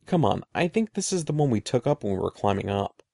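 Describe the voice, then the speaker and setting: Man voicing a young girl, older sister, reassuring, lightly teasing, mellow tone. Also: mid-range voice, big pitch swings, a little fast, vocal fry, no echo, clean studio sound, voice pushed down.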